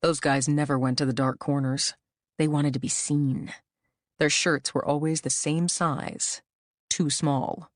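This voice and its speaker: A woman reading a thriller audiobook with a measured, wry storytelling manner. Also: sits low, fairly even intonation, no echo, studio quality. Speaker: audiobook narrator. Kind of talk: scripted audiobook narration.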